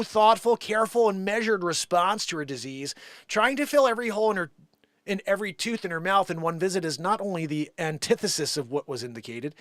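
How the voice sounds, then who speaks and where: A man's voice: sits high, sharp tone, no room sound, clean studio sound. A man hosting a live comedy stream, reading a news story in a playful mock radio-announcer style and laughing along. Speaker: live music and comedy show host.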